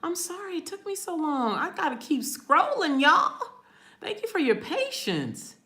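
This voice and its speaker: Her voice is extremely high and sing-song, unhurried yet sharp in tone, bouncing around an echoey room. This livestream host, whose family comes from New Orleans, keeps things casual by chatting with viewers, reading out their comments, and laughing a lot.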